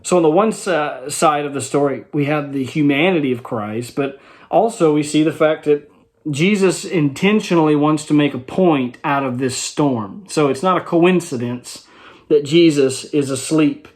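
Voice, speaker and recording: Brief: male Bible study teacher, relaxed explanatory tone, voice sitting a bit high. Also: normal speed. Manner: conversational, explains verse by verse with rhetorical check-ins.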